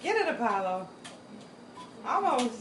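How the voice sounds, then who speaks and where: A woman's voice: on the high side, sing-song, measured pace. A woman in casual home-video chat, coaxing and encouraging a cat with a toy. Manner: coaxing, encouraging pet talk. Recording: roomy, distant with background noise.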